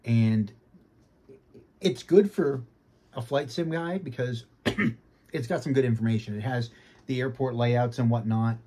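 A man from Boston with a faint Boston accent, giving an easygoing casual review from his home sim cockpit and often clearing his throat. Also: medium pitch, measured pace, pauses often, warm tone. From Boston, United States. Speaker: flight sim hobbyist.

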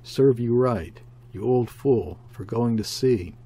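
A man doing a loud old sailor boatswain, rough breathy voice, mellow and low. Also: slow pace. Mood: grumbling. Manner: loud, shouting over a storm. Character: blustering older male ship's boatswain.

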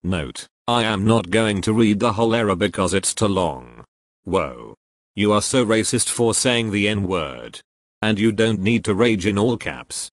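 This is a text-to-speech engine voicing a man with a lowish register who reads joke error messages in a flat, machine-even way. The sound is close and completely dry, with no room around it. His delivery keeps a steady synthetic evenness throughout. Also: measured pace, no echo. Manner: flat, evenly paced computer voice.

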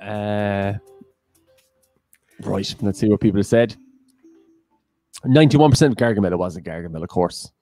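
A man's voice: lowish voice, unhurried, long pauses, dark tone, soft background music. A man co-hosting a live-streamed quiz, reading questions and options aloud in a playful way. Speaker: quiz co-host.

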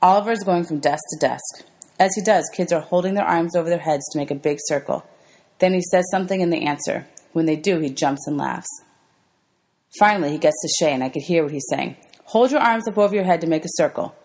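A woman teacher reading a children's novel aloud to her students in a gentle, clear storybook manner. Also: low-pitched, brisk.

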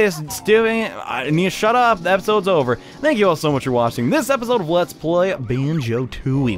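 Guy doing a let's play, super animated voice, jokes about himself a lot, quiet game music behind. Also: mid-range voice. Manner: chatty, self-deprecating, laughs often. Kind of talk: casual gameplay commentary.

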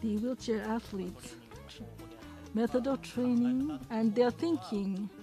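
High-voiced woman interpreting, halting delivery. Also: dark tone, faint music behind, poor audio. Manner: halting, with frequent pauses and fillers. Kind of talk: simultaneous English interpretation of a program.

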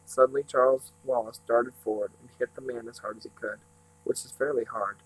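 A man reading a novel aloud in a steady, unhurried way, now and then slipping and starting a phrase over. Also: mid-range voice, slight background noise, low-quality recording. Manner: steady, unhurried reading with small slips and restarts. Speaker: reader.

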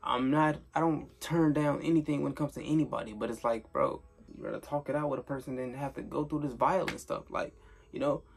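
A man's voice: mid-range voice, brisk, creaky, breathy edge. A young man telling a casual storytime vlog, rambling and swearing, with lots of filler tags. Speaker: storyteller vlogger.

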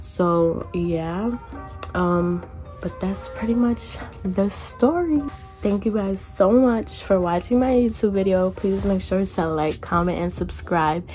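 A woman's voice: mid-range voice, slow pace, mellow, faint music behind. A young woman vlogger telling a casual storytime, chatty, with lots of "like" and some casual cursing. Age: young adult.

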